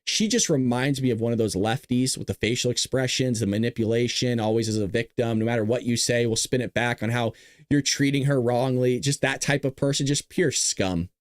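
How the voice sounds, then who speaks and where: A man's voice: medium pitch, steady tone, fairly quick, no echo, clean studio sound. A male show host giving blunt, scornful political commentary, reacting to clips.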